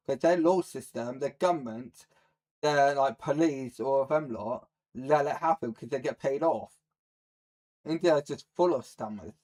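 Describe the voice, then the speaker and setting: A man's voice: mid-range voice, measured pace, darkish tone. A man on a live stream, ranting at his chat in a profane, mocking, hostile way. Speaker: livestreamer.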